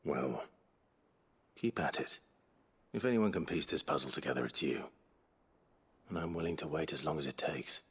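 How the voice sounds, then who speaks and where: A brooding husky-voiced hero. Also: male voice, normal speed, pauses often, exaggerated voice. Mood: calm. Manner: low, terse, calm. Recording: game audio under music.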